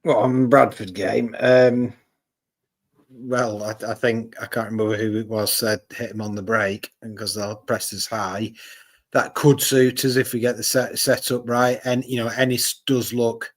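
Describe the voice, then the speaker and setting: A man's voice: mid-range voice, level tone, measured pace. A man on a football podcast panel, talking hesitantly with many fillers and restarts. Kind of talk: casual football podcast chat.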